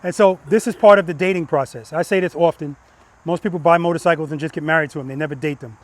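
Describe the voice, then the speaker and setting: A man's voice: a little high, quick pace. A man teaching motorcycle riding outdoors, emphatic and repetitive, chanting cue words in rhythm and tagging his points with "right?". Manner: peppers instructions with "right?". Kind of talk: hands-on coaching in a riding lesson. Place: outdoor practice lot with cones.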